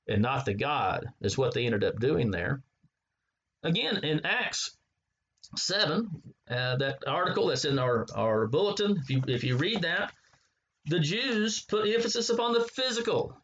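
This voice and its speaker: A man preaching a Bible sermon, halting often with fillers and repeated words as he reads and explains scripture. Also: a little high, a bit bright, slightly rough, muffled recording.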